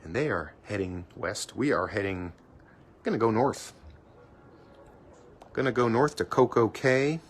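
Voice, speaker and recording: A man's voice: fairly low pitch, measured pace, long pauses, a little hiss or hum. A man live streaming from his cruise ship balcony on a handheld phone, chatting playfully and teasing himself while he narrates what he sees. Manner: chatty, playful, self-mocking banter.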